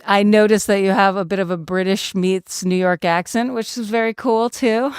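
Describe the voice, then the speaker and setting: A woman in her fifties hosts a podcast with a smooth, clear voice and an eager, friendly manner, with many "um"s between thoughts. The sound is dry and close, at a mid pitch. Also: fairly even intonation, moderate pace, no echo. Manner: warm, enthusiastic, laughs easily, fillers like "um". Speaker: podcast host. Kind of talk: podcast interview.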